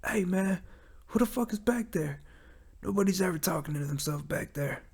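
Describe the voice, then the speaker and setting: A man voicing a suspicious pet dog, high and gruff. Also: expressive, normal speed, a little mellow, exaggerated voice.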